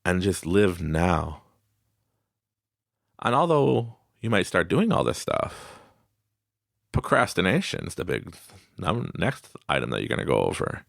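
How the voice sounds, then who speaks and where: Podcast guy laughing a lot, gravelly low voice, dry close sound. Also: a little slow, long pauses, no room sound. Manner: laughs often and acts out quotes in animated voices. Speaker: podcast host. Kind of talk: casual motivational talk. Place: small studio.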